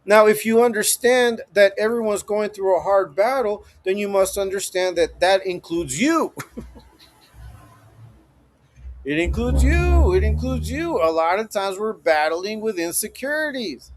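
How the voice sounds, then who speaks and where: High-pitched dude ranting on his livestream, cussing a lot, laughing at his own lines. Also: normal speed. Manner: swaggering, profane, laughs often. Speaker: livestream host. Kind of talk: profane motivational livestream talk. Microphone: streaming setup.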